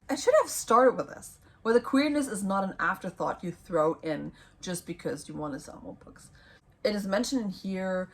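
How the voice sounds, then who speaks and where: A young woman giving book recommendations in a casual vlog, rambling and hesitant with many ums and self-corrections, her voice going hoarse. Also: on the low side. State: losing her voice. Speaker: book vlogger.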